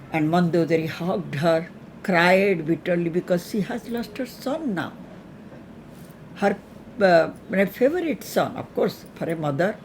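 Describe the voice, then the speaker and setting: A woman retelling a mythological story in a slow, halting, earnest way. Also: fairly low pitch, slight background noise.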